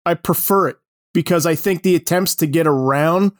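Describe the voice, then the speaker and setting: A man's voice: fairly high pitch, moderate pace, no room sound, clean studio sound. A man hosting a casual podcast chat, giving playful, opinionated takes with some hesitant fillers. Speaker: podcast host.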